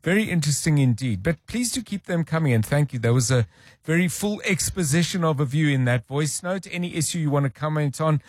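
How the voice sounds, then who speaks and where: Higher-pitched male radio host, dry sound. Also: expressive, fairly quick, dry recording. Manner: thoughtful, musing, with restarts. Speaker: radio talk show host. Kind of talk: live radio talk and links.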